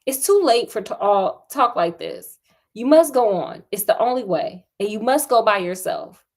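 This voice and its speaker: A woman voicing a hurt teenage girl who speaks quietly and firmly, in a storytelling reading. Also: medium pitch, expressive, normal speed. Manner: quiet, firm. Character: calm, hurt teenage girl urging her boyfriend on.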